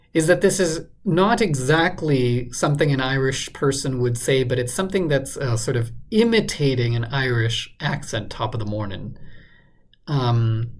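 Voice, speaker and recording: A man solving a crossword out loud, muttering guesses and filling pauses with lots of ums and uhs. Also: fairly high pitch. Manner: muttering, hesitant, many fillers. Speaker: crossword solver. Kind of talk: thinking aloud while solving a puzzle.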